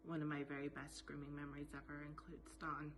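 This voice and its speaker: A dog groomer telling a heartfelt, self-deprecating anecdote in a personal tribute message. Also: female voice, sits low, monotone, a little fast, background noise.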